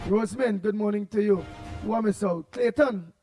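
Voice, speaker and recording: On a morning call-in show, a radio host with a Trinidadian accent passionately greets listeners by name and reads out their comments in a loud, raised voice he tries to hold down, saying he will drop it. His voice sits high and moves at normal speed, with faint music behind on a rough recording.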